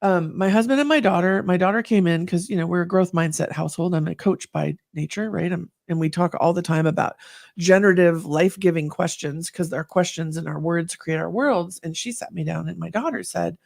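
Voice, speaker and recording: A woman guest telling her story in a candid conversation, earnest and animated. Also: fairly low pitch, fairly quick, creaky, no room sound, studio quality.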